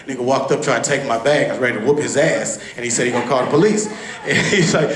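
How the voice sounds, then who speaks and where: A man from Texas doing a stand-up comedy set on a club stage, talking loud and animated, swearing a lot and acting out what people said. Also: a little high, fast. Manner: loud, animated, profane, acts out quotes. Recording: roomy club recording.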